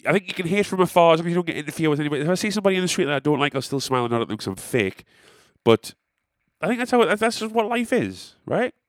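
A man's voice: fairly high pitch, sing-song, rapid-fire, no room sound, clean studio sound. A young man, a musician, telling a rambling, self-deprecating story in casual monologue.

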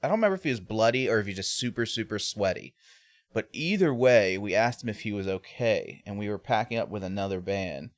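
A man's voice: lowish voice, expressive, brisk, dry recording. A man co-hosting a casual chat, telling rambling tour anecdotes with frequent laughs. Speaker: podcast co-host, band member.

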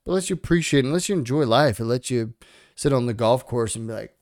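A man's voice: medium pitch, a little fast, darkish tone, no echo, clean studio sound. A young man co-hosting a podcast, talking frankly and with plenty of swearing as he gives himself and his listeners a motivational push. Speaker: podcast co-host. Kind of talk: casual podcast talk.

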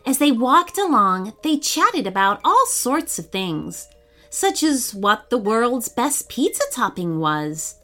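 Slow, lively woman reading a story. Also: fairly high pitch, soft background music. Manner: warm, animated and expressive. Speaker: children's storyteller. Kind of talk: storybook read-aloud for children.

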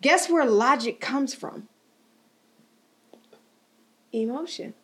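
Young female podcast host, higher-pitched, animated and rambling, casual with some swearing. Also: slow pace. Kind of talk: casual chat.

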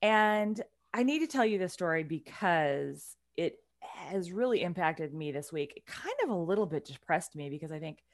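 Lively woman telling a story, dry close sound. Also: on the low side, moderate pace, few pauses, dry recording. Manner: animated, conversational, swings between loud and hushed. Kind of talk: casual storytelling chat.

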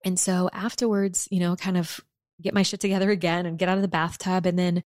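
Candid woman with a low, dry voice. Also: flat delivery, brisk, a little mellow, no echo. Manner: emotional, candid, rambling with many fillers. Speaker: podcast host. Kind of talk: personal storytelling monologue.

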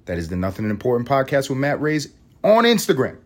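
A man hosting a solo podcast, ranting and rambling in a profane, animated way. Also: medium pitch, a little fast. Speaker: podcast host.

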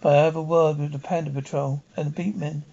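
An actor playing a steady, matter-of-fact police inspector, from a 1960s television drama. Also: male voice, on the high side, quick pace, creaky. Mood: reassuring. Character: calm, reassuring police inspector. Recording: dull 1960s television soundtrack.

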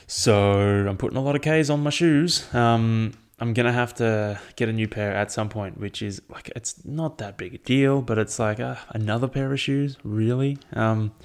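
A man's voice: medium pitch, normal speed, few pauses, smooth. A young Australian man hosting a solo podcast, rambling and swearing often, sounding tired. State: tired, yawning. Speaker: podcast host. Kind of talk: casual solo podcast chat.

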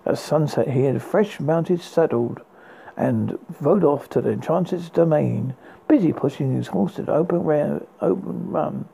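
A man reads a fairy tale aloud in a heavily gravelly, creaky voice. His tone is dark and husky, and he often trips over words and starts again. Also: a little high, expressive, moderate pace, rough recording. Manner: unpolished reading with frequent stumbles and restarts. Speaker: narrator. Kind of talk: storybook reading.

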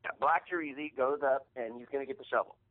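A man's voice: mid-range voice, quick pace. Profane man telling a story over a tinny line. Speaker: podcast co-host. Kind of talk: casual storytelling chat. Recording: tinny phone-like audio.

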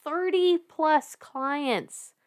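A woman in her thirties with a Southern US accent, telling a story as a podcast guest in a casual, animated way, laughing often, swearing and restarting her sentences. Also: sits high, extremely slow.

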